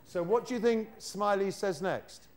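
A British teacher trainer leads a live workshop in a lecture hall, playfully coaxing the audience to repeat lines after him as a classroom demonstration. His voice is high-pitched and unhurried.

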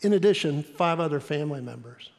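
A man's voice: fairly high pitch, lively intonation, a little fast. A man preaching a sermon as pastor, telling stories earnestly and repeating key lines for emphasis. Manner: earnest storytelling with emphatic repetition. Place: church sanctuary. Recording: long church reverb.

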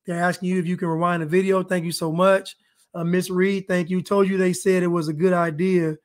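High-voiced joking podcast host man. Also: fairly quick. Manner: animated, joking, repeats himself. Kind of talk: casual live-stream chat.

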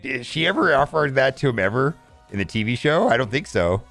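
A man's voice: mid-range voice, big pitch swings, a little fast, fairly bright tone, soft background music. A man casually commenting on a mobile game as he plays, thinking aloud and often saying "all right".

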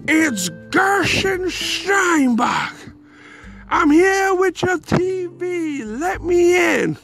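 Gruff old repairman: high, slow, drawn-out, impatient. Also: big pitch swings, fairly bright tone, faint music behind, full character voice. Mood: announcing. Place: calling up from outside a building.

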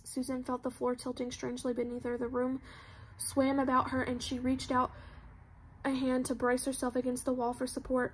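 A woman giving plain, even scripted narration of a novel as an audiobook reader. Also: high voice, moderate pace, a little hiss or hum.

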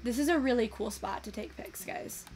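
A young woman giving casual, excitable commentary while taking in-game photos, swearing freely and gushing over what she sees. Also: a little high, moderate pace, soft background music. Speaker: virtual photography creator.

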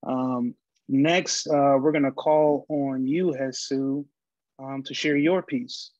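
A man hosts a virtual poetry event, thanking poets with hesitant remarks full of ums. His voice is flat in pitch, and it comes through dry and dull, like lo-fi call audio. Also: takes it slowly, no echo. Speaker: event host. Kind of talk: casual hosting. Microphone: video call.

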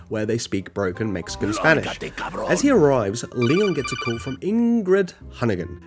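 A man's voice: medium pitch, a little mellow. Joking man recapping a game. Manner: joking, self-mocking asides. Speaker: gaming channel narrator. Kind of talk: casual comedic game story recap.

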